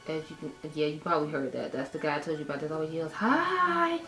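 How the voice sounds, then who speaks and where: A woman rambles casually through a makeup tutorial, calling her viewers y'all. Her voice sits a little low. She is recorded in an echoey room at home, with music clearly audible behind her. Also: level tone, rapid-fire. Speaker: beauty vlogger.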